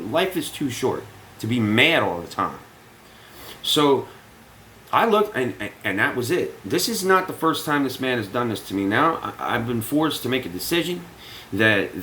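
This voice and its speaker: Animated and profane, a male vlogger recounts a story to his audience, performing other people's lines as he goes. He speaks with a medium pitch. The audio is poor, with slight background noise.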